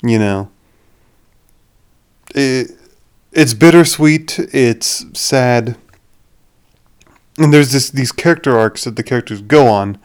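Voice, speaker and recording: A man's voice: on the low side, smooth. A young man hosting a podcast, rambling through a casual movie review with frequent restarts. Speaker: podcast host.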